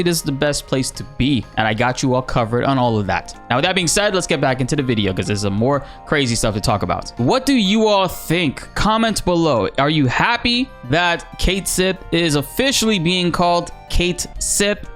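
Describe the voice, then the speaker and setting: A man giving casual, animated commentary on gaming news, excitable and slangy, swearing freely. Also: a little high.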